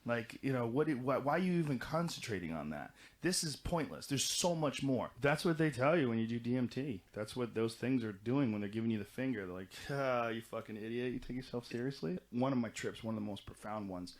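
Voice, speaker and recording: A middle-aged man in casual podcast conversation, telling long, animated stories full of swearing and restarts. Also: medium pitch, fairly quick, few pauses. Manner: animated, profane, rambling storytelling. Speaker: podcast guest recounting experiences.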